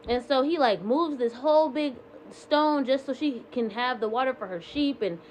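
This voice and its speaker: A woman's voice: high-pitched, normal speed, a little mellow, a little hiss or hum. A woman casually retelling scripture passages in her own words, with lots of "like" and "um", slipping between quoting and paraphrasing. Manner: chatty paraphrase with frequent "like" and "um". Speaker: Bible reading vlogger.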